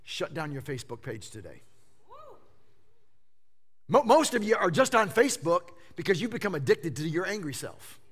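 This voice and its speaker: A fifty-something man delivers a sermon in a bright, fairly high voice. His delivery is highly animated, dropping to hushed asides and then climbing to loud emphatic peaks. He stammers and repeats words when he presses a point. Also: moderate pace, pauses often, husky. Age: 50s. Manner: animated preaching, swinging from hushed lows to loud exclamations. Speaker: pastor.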